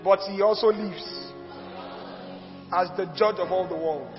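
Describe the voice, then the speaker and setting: A man preaching a sermon as a pastor, emphatic and repetitive, with sudden loud outbursts. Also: high-pitched, unhurried. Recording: dull sound with long hall reverb and soft music.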